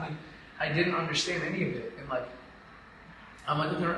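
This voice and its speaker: A man's voice: fairly high pitch, fast talker, sharp tone. A man telling a personal story as a podcast guest, rambling and emotional, with a constant "like". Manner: rambling and emotional, heavy use of "like". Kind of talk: casual interview storytelling. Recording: echoey room, far from the mic, noisy.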